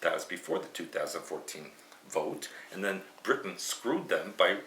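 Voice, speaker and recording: A man's voice: low-pitched, animated, normal speed, a bit bright. A man co-hosting a casual news podcast, joking and teasing as he goes through stories. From Michigan, USA. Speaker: podcast co-host. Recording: echoey room with faint noise.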